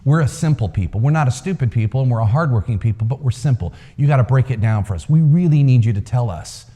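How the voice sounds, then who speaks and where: Male storyteller as pleading villagers, stammering, lively pitch. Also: fast, close to an everyday voice. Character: puzzled village leaders, earnest and pleading. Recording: long hall reverb.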